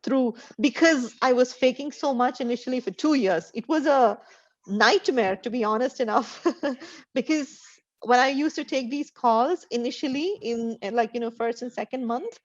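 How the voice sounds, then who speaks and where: A woman in her forties from India speaks with an American-trained accent over her Indian English, chatty and expressive, often breaking into laughter. Her voice sits a little high. The video call audio is dry and a bit muffled. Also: moderate pace, dry recording. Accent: Indian English with American-trained tones. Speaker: English tutor. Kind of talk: casual online conversation practice.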